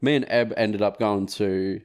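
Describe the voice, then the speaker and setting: A man's voice: fairly low pitch, fairly even intonation, a little slow, a little mellow, clear, resonant tone. A young Australian man, a guest on a podcast, chatting casually. He is laid-back and self-mocking, laughs easily and swears. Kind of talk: casual chat.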